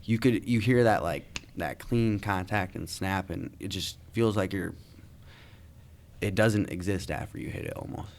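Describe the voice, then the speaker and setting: A man with a lowish voice tells stories about his fights on a podcast. He rambles, loops back with fillers and swears freely, relaxed among friends. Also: a little slow, gravelly. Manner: profane, rambling anecdotes with many fillers. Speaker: podcast co-host and MMA fighter. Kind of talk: casual podcast chat.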